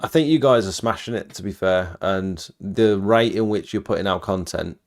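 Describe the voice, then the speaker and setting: A man hosting a live stream, giving relaxed advice on roof cleaning gear in a casual chat. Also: sits low, normal speed. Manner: relaxed, advising, chuckles while telling stories.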